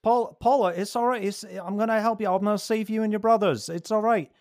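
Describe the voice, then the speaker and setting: A man voicing a frantic human father who shouts and pleads to save his children, his voice pushed high and strained. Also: steady tone, brisk, no echo, studio quality. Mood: desperate.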